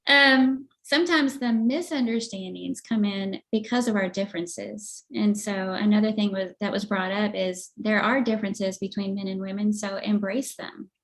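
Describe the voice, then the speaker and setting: A woman's voice: mid-range voice, fairly even intonation, moderate pace, few pauses, a bit bright. Woman, casual talk show co-host, chatty, laughing, acts out quotes. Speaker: podcast co-host. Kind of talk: casual chat.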